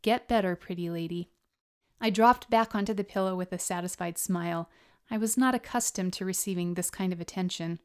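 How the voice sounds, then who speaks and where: A woman's voice: mid-range voice, a little fast, smooth. A woman podcast host narrating her own memoir chapter in an earnest storytelling way, then signing off.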